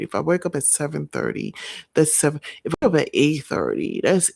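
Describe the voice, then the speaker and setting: A woman vlogging late at night, chatting casually and rambling to her viewers, sounding tired and breaking into excited squeals. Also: sits low, moderate pace, vocal fry, no echo, studio quality.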